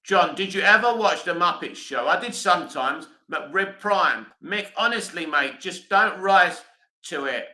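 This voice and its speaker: Bright-voiced British man chatting. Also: high voice, lively intonation, measured pace, roomy sound, rough recording. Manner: chatty, blunt, reads comments aloud. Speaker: live stream host reading chat. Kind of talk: casual chat.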